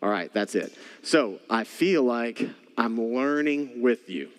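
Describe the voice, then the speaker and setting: A man's voice: medium pitch, expressive, slow pace. A male pastor preaching a sermon, telling a story with animation and speaking straight to his congregation. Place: church sanctuary. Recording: church hall with long reverb.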